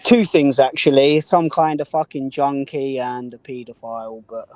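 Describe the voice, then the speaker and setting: A man's voice: mid-range voice, fairly even intonation, normal speed, darkish tone. A man calling into a livestream, defensive and sweary, dropping mate and man. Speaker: guest caller on a livestream. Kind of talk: casual argument.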